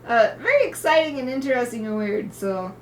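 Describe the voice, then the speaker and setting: A woman's voice: on the high side, sing-song, brisk, slight background noise. A woman artist live-streaming her drawing session, chatting casually with viewers and explaining each coloring step as she works. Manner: chatty and upbeat, greets viewers warmly, laughs often.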